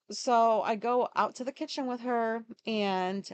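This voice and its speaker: A woman's voice: on the high side, moderate pace, hardly any pauses, no room sound. Woman ranting solo on her podcast, lots of likes and swearing, dry close sound. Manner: rambling, swears a lot, many fillers. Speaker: podcast host. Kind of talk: casual solo monologue.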